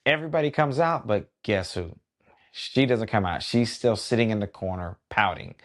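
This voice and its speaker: A middle-aged man, a wedding DJ hosting a podcast, telling a story in a relaxed conversational way with lots of asides. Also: lowish voice, moderate pace. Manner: relaxed and conversational, many "you know" asides.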